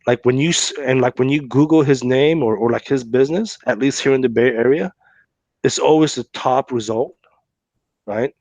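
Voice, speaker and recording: Male podcast host, medium pitch, loose conversational storyteller, dry close sound. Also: moderate pace, darkish tone, no echo. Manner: chatty, with many fillers and "right?" tags.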